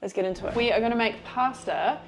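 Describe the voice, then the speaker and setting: A woman's voice: a little high, quick pace, slight background noise. A woman talking casually through a home cooking vlog, chatty and upbeat with a self-teasing streak. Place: home kitchen.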